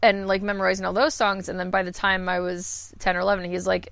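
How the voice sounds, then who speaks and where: Woman voice actor on a podcast, kinda gravelly, dry close mic, rambly and self-deprecating. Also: mid-range voice, fairly even intonation, fast talker, a bit bright, no room sound. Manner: candid, self-deprecating, rambling with many fillers. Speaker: voice actor guest. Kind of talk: casual podcast conversation.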